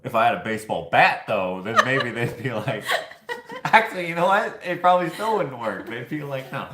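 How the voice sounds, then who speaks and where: A man's voice: medium pitch, expressive, normal speed, sharp tone. A man hosting a casual chat, telling rambling stories and laughing at his own jokes. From Canada. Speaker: show host. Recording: echoey room.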